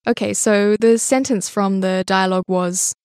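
A woman presents a language lesson podcast, explaining points clearly and in a friendly way, and questioning her co-teacher. Her voice sits mid-range and is recorded dry and close. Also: mid-range voice, fairly even intonation, moderate pace, darkish tone, no room sound.

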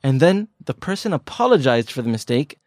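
A man talks through a language lesson in a relaxed, chatty way, joking as he explains and piling on everyday examples. His voice sits mid-range, and the sound is close and dry with no room around it. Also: medium pitch, brisk, no room sound. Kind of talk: casual podcast lesson.

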